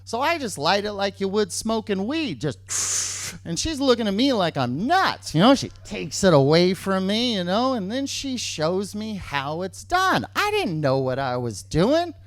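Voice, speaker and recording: A man tells a true story on stage, his pitch leaping up and down as he goes. He often repeats key lines for emphasis. The sound is close and dry, with almost no room around it. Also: sing-song, measured pace, no echo.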